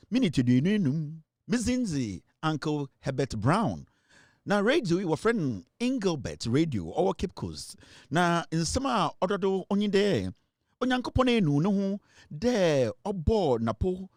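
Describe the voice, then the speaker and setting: Animated Ghanaian man hosting comedy. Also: sits high, no echo, studio quality. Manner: animated, laughing often, mixing English into his talk. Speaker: comedy show host. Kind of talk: comic commentary.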